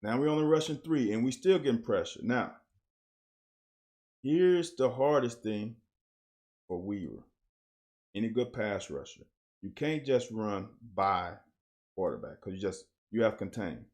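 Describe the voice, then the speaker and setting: A man's voice: on the low side, lively intonation, measured pace, long pauses, darkish tone. A man breaking down football game film in blunt, coach-like casual commentary, picking up energy on big plays.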